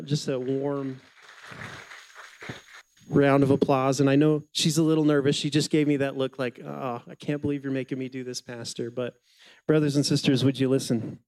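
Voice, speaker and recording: A man's voice: fairly high pitch, a little mellow, poor audio. A man, a pastor, sharing his own testimony in a church service in an earnest, emphatic way. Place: church sanctuary.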